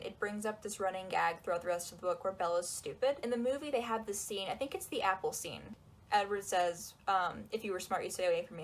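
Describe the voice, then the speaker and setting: A young woman giving casual, sarcastic commentary on a book, acting out quotes in quick asides. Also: mid-range voice, poor audio. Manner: sarcastic, chatty, acts out quotes.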